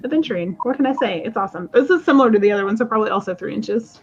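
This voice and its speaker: A woman's voice: medium pitch, lively intonation, rapid-fire, highs cut off, background noise. A woman hosting a live stream auction of stones, chatting casually and laughing often. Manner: chatty, laughs often, jokes about accents.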